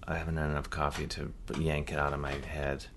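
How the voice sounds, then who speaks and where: A man's voice: a bass voice, completely flat delivery, fairly quick, fairly bright tone. A man from Ohio hosting a podcast, chatting casually in a playful, rambling, self-deprecating way. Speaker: podcast host. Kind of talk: casual chat.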